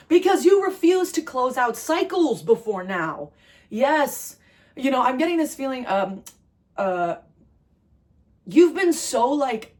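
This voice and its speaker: A woman delivers a channeled tarot reading to her viewers. She is emphatic and repetitive, and her pitch leaps upward in excited bursts before it settles back into earnest reassurance. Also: unhurried. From New Jersey. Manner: emphatic, repeats phrases, swings high with excitement. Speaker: tarot reader.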